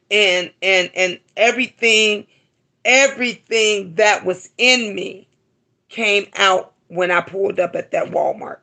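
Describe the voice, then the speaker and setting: A woman's voice: medium pitch, slow pace, gravelly, bright, forceful tone. A middle-aged woman hosting a live stream, talking to her viewers with emotion and often repeating herself for emphasis. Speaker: livestream host.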